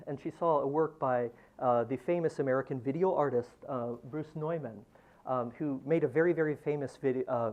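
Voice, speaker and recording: A man giving a university talk and poetry reading, halting with frequent ums and restarts, getting louder and livelier as he reads. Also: mid-range voice, lo-fi sound. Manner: lively, swells in volume when reading poem lines. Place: lecture room.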